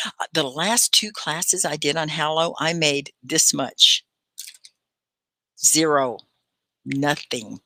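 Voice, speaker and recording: A woman hosting a live online English class, chatting warmly and encouragingly with her students. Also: sits low, takes it slowly, pauses often, no room sound. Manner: warm, encouraging, chatty with viewers. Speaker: ESL teacher hosting a livestream class.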